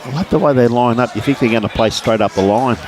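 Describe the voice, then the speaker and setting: A man's voice: medium pitch, quick pace. A man giving casual, laid-back bowls commentary, calling everyone mate and buddy. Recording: outdoors at a bowls green.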